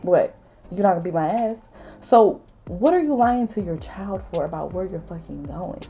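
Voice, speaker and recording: A woman in her late twenties telling a casual storytime while doing her makeup, blunt, animated and full of profanity. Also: lowish voice, normal speed. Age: late 20s. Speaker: vlogger.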